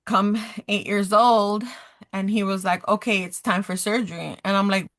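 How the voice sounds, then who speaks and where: A woman's voice: medium pitch, moderate pace. A woman in her thirties on a podcast, casually telling a personal story and animatedly acting out the dialogue. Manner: animated, acts out quoted dialogue, talks with her hands. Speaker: podcast guest.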